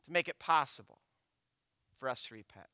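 A man preaching a sermon as a pastor, swinging from loud emphatic lines to hushed, almost whispered ones. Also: mid-range voice, lively intonation, brisk, dry recording.

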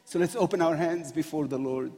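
A man preaching a sermon in a church with a slightly high voice that carries a long, lingering reverb through a large hall. He talks with passion and feeling, laughing often between phrases as he speaks to the congregation. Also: brisk, dark tone. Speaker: guest preacher. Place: church sanctuary.

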